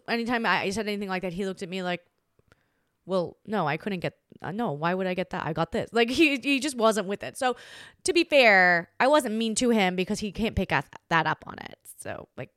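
Chatty woman telling a story, smooth voice. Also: medium pitch, no echo, studio quality. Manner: chatty, animated, acts out quoted voices. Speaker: podcast host. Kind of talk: casual storytelling monologue.

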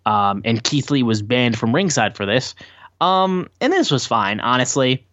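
A man co-hosting a wrestling podcast, chatting casually and rambling with lots of fillers, acting out quotes in higher voices. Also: big pitch swings, unhurried, fairly bright tone, no echo, dull audio. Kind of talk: casual show recap chat. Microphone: his own mic acting up.

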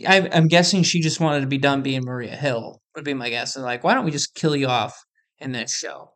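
A man in casual podcast talk, at an ordinary middle pitch for a man. He is easygoing, with plenty of filler words, and acts out his own reactions as little quotes. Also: brisk, a bit bright. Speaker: podcast co-host. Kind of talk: casual chat about movies and shows.

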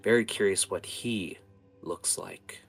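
A man's voice: low-pitched, slow, vocal fry, husky, soft background music, full character voice. A man voicing a sly, sadistic woman who trades in information in a tabletop game, with a silky, scheming manner. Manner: silky, scheming, calls people dearie.

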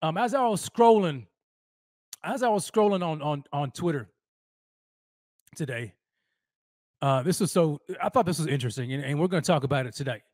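A young man hosts a live sports talk stream in a slightly high voice. He is excitable and slangy and keeps repeating his phrases. The recording is dry and close, with no room sound. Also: moderate pace, long pauses, no room sound. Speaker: sports podcast host.

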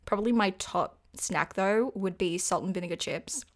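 A woman's voice: mid-range voice, normal speed. Giggly young woman chatting. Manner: giggly, chatty, self-deprecating. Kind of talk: casual chat.

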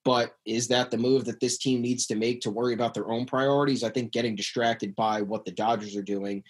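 A man's voice: mid-range voice, steady tone, brisk, husky. A man co-hosting a sports podcast, giving his opinions in an easygoing, casual way. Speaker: podcast co-host.

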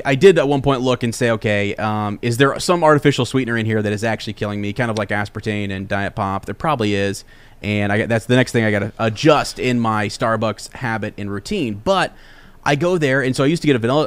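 A young man hosting a podcast, telling a casual story in an animated, rambling way with many restarts. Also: medium pitch, quick pace, smooth. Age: young adult. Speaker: podcast host.

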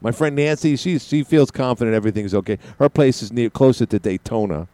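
A man's voice: mid-range voice, fairly quick, mellow, dry recording. An older man hosting a talk radio show, rambling and sarcastic, with many fillers and restarts. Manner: sarcastic, ranting. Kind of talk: casual political talk radio monologue.

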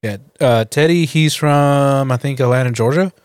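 A man's voice: mid-range voice, moderate pace, clean tone, no echo. A man co-hosting a podcast, chatting in a laid-back way and cutting in with jokes. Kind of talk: casual podcast chat.

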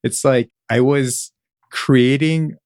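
A man's voice: medium pitch, steady tone, takes it slowly, darkish tone, smooth, dry recording, clean studio sound. A man talking as a guest in casual conversation, reflective and laughing now and then. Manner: reflective, laughs while he talks.

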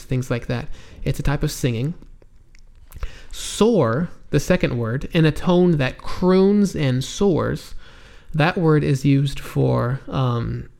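Slow, gravelly-voiced male English teacher. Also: medium pitch, darkish tone. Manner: patient, spells out words, frequent ums and restarts. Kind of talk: slow explanatory vocabulary lesson.

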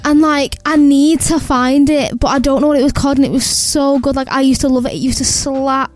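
A young woman in a casual, sweary chat, excitable and gushing as she plays along with a quiz. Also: high voice, fairly quick. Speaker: podcast co-host, quiz contestant.

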